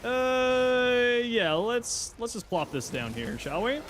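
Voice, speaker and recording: A man live-streams a game and keeps up a loose running commentary, yelping and muttering to himself as the action turns. His voice sits high and swings all over the place. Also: slow, few pauses, music in the background. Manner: animated, exclaiming and talking to himself while playing. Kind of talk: casual live gameplay commentary.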